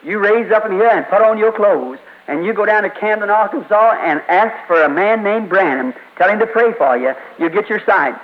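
A man's voice: high-pitched, animated, moderate pace, few pauses. A man preaching a sermon who quotes a humble old blind man, speaking his pleading words in nearly his own voice. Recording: dull lo-fi old sermon tape.

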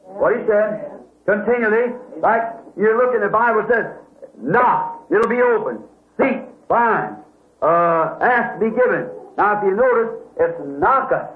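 A man's voice: high-pitched, lively intonation, unhurried, echoey room. A man preaching a question-and-answer sermon in a folksy way, often asking "see?" and correcting himself. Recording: tinny lo-fi old tape with hiss.

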